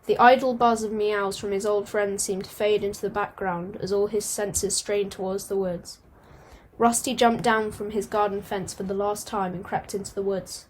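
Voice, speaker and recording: A woman reading a storybook aloud at a mid-range pitch. She keeps a steady pace but now and then stumbles and starts a phrase over. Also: normal speed, a little hiss or hum. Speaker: audiobook reader.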